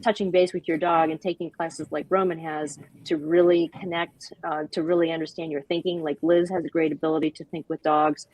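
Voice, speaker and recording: A woman being interviewed as the founder of a dog-park nonprofit, talking with animated enthusiasm and acting out little quoted voices. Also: sits low, brisk, few pauses, no room sound, low-quality recording.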